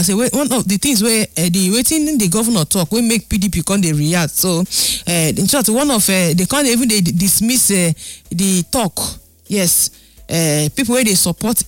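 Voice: mid-range voice, dry recording. A news presenter with a Nigerian accent giving conversational pidgin news commentary, repeating points and addressing listeners directly.

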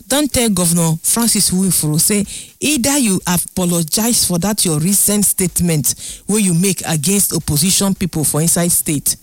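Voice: medium pitch, dry recording. A news presenter with a Nigerian accent giving conversational pidgin news commentary, repeating points and addressing listeners directly.

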